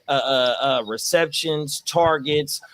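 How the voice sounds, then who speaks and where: A man's voice: fairly high pitch, slow, crowd noise. A man co-hosting a casual fantasy football podcast, slangy and emphatic, backing his picks hard. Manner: slangy, emphatic, keeps saying "a hundred percent". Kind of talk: casual chat.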